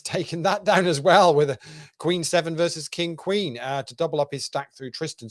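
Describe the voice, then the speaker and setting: A man's voice: mid-range voice, no echo, studio quality. A man co-hosting a casual poker show, chatty, often laughing and full of fillers. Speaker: co-host. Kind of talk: casual podcast chat.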